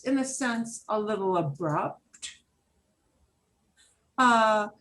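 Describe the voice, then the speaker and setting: Slow-talking woman teacher, higher voice. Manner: patient, explains slowly, repeats phrases. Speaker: Spanish teacher. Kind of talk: online class teaching.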